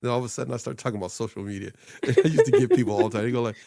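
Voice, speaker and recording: A man's voice: medium pitch, lively intonation, racing, gravelly, warm tone, no room sound, studio quality. A man hosting a casual chat, coaching on social media in a loose, rambling way and laughing often.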